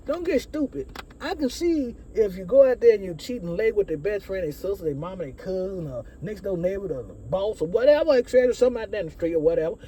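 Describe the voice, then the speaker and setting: A woman's voice: mid-range voice, mellow, slight background noise. A middle-aged woman gives relationship advice to her viewers in a casual monologue. She repeats her points emphatically and speaks straight to her audience. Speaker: vlogger giving relationship advice.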